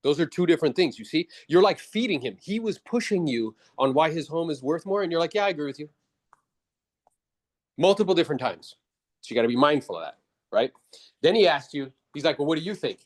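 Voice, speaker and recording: A man's voice: fairly high pitch, big pitch swings, fast talker. A man coaching a real estate agent after a role-play, blunt and casual, calling him bro. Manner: briefly mimics others in exaggerated voices.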